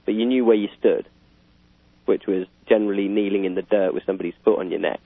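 A man's voice: on the low side, steady tone, quick pace, no echo. A British man in casual political chat, rambling with fillers and chuckling. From Britain. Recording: tinny phone-like line.

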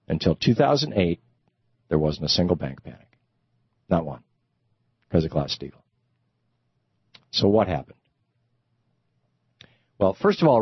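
A man's voice: lowish voice, husky, dry recording, dull audio. A man hosting a radio talk show, explaining in a conversational, emphatic way with rhetorical questions.

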